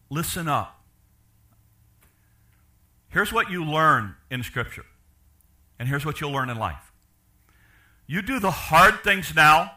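An older man preaching a sermon, asking the congregation questions and swinging from loud to quiet. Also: medium pitch. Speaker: pastor.

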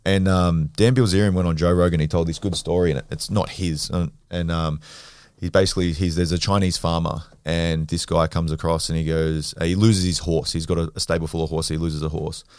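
An Australian man, a podcast guest, telling stories in a blunt, animated way and swearing freely. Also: low-pitched, fairly quick, few pauses, clear, resonant tone, dry recording. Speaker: podcast guest, grappler and former rugby league player. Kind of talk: casual storytelling.

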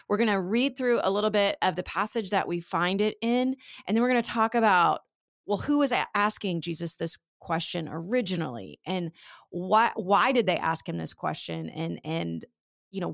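A woman's voice: mid-range voice, no room sound, studio quality. A woman teaching a casual Bible lesson, retelling scripture scenes in conversational everyday speech.

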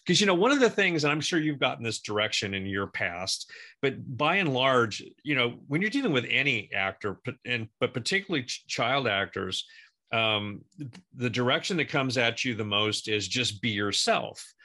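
Lively, bright-voiced male co-host. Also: medium pitch. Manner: enthusiastic, halting restarts. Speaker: interview co-host, former child actor. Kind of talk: casual chat.

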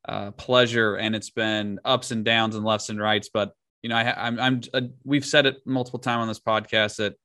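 A man's voice: on the low side, bright, forceful tone, no echo, studio quality. A man co-hosting a podcast, telling casual stories and often laughing as he talks. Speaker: podcast co-host. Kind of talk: casual chat.

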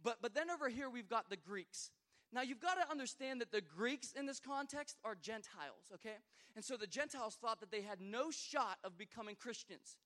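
High-voiced man preaching a sermon. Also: animated, normal speed. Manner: preaching with many repeated starts, swinging from loud exhortation to quiet storytelling. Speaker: pastor.

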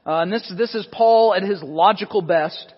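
High-voiced pastor in a reverberant sanctuary. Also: male voice, normal speed, breathy edge, muffled recording. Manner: conversational preaching with frequent restarts and asides. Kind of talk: expository sermon. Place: church sanctuary.

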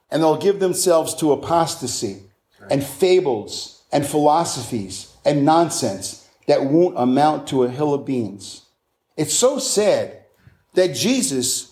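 High-voiced fervent male preacher. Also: darkish tone. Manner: fervent preaching, quoting scripture with emphatic repetition. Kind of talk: sermon.

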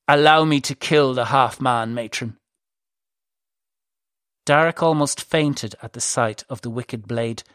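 A male narrator reads a fantasy story aloud in a measured, unhurried way. His voice sits in an ordinary middle register. The recording is dry, with no room sound. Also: mid-range voice, fairly bright tone, no room sound. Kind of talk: audiobook narration.

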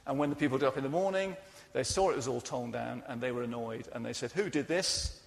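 A man preaching a sermon, telling the story earnestly and often dropping soft and quiet. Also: medium pitch, steady tone, fast talker, gravelly, long reverb tail.

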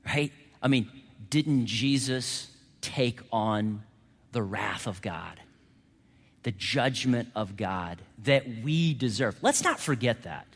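A male pastor delivering a dynamic sermon, moving between hushed, quiet passages and loud, emphatic exclamations. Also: fairly low pitch. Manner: dynamic preaching, swings from hushed to shouting. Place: church sanctuary. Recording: hall reverb.

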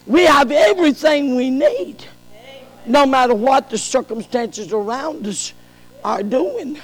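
High-voiced preacher in a reverberant hall. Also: male voice, animated, slow, faint music behind. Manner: preaching that swings from shouted peaks to soft low passages. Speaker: pastor. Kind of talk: sermon.

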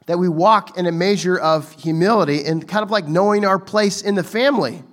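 A man's voice: high-pitched, fairly quick. A man giving a casual, conversational sermon, talking informally with frequent restarts and asides to the audience. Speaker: preacher.

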